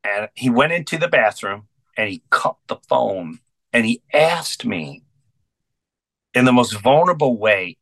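A man's voice: medium pitch, animated, unhurried, vocal fry, a bit bright, no echo. A middle-aged comedian telling a story as a guest in an interview, earnest and intense, acting out both sides of each conversation he recalls.

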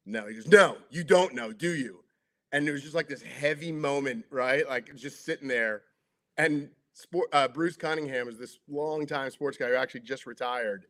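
A man's voice: medium pitch, moderate pace. A middle-aged man, a sports broadcaster, telling locker-room stories in a casual chat, acting out the quotes and using lots of filler words. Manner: lively storyteller acting out quotes, many "like" fillers. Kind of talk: casual anecdotal storytelling.

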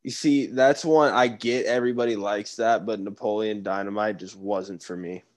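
A man's voice: on the low side, fairly even intonation, normal speed. A young man co-hosting a podcast in casual chat, laid-back and laughing often. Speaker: podcast co-host.

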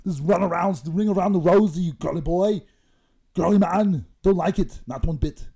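A man's voice: mid-range voice, animated, normal speed, creaky, dark tone, husky. A man doing a comic impression of a boastful bodybuilder, rambling and giggling through mock threats. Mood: scolding. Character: boastful bodybuilder impression, male, middle-aged, menacing-jolly. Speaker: comedy guest in character.

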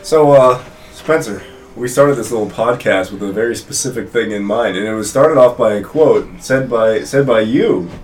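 A young male podcast host talking crude and blunt, laughing between lines. His voice sits at an ordinary middle pitch and sounds a little far from the mic. The recording is a loose, amateur setup. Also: normal speed, darkish tone, slight background noise. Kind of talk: casual chat.

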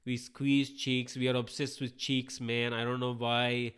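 A man from India rambles through a casual podcast story, sounding sick and under the weather. His mid-pitched voice stays smooth and clear, and he is self-deprecating and swears offhandedly. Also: little pitch movement, a little slow, fairly bright tone. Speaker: podcast host.

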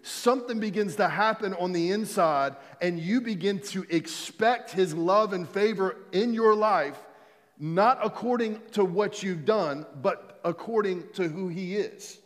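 A man's voice: sits high, measured pace, in a large hall. A man preaching a sermon as pastor, emphatic and repetitive, leading the congregation in call-and-response. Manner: emphatic, repeats key phrases, leads the congregation in call-and-response.

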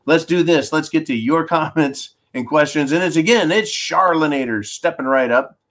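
A man's voice: fairly high pitch, normal speed, a bit bright. A man from California hosting a political show, ranting bluntly and sarcastically as he reads out viewer questions. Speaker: host of a political call-in show.

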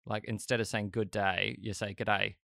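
A man's voice: lowish voice, flat delivery, moderate pace, vocal fry, fairly bright tone, no room sound, studio quality. A man from Australia with a light Australian accent, chatting casually as a host, rambling with many fillers and restarts. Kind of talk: casual chat.

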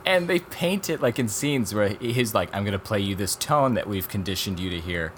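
Man, podcast co-host, low voice, rambling, animated retelling, faint background noise. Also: a little fast. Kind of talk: casual chat reviewing documentaries.

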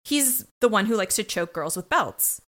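A woman of middling pitch chats through a crime show recap with a joking edge. She drops into playful voices for the characters as she retells scenes. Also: lively intonation, moderate pace, fairly bright tone. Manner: jokey, does voices of characters. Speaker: podcast co-host. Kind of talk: casual recap chat.

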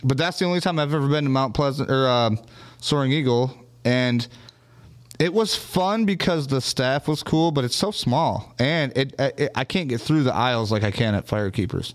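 Male livestream host, average pitch, loud, swearing storyteller, casual chat. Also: moderate pace. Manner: animated profane storytelling.

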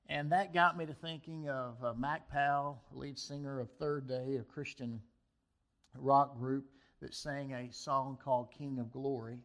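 A man's voice: medium pitch, fairly even intonation, a little slow, fairly bright tone. A man preaching a sermon to his congregation, reading scripture and a poem aloud with rising emphasis. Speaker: pastor.

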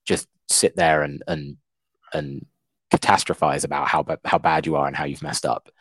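A man's voice: rumbling low, flat delivery, moderate pace, a bit bright, slightly rough, dry recording. A man co-hosting a book-discussion podcast, thoughtful and a little hesitant. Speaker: podcast co-host, English teacher. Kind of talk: casual book-discussion chat.

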